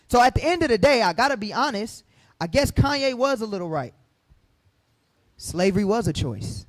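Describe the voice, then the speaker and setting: A man teaching from the Bible to a group, fiery and preachy, firing questions at the room and rising to shouts. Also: very high voice, sing-song, moderate pace, no room sound.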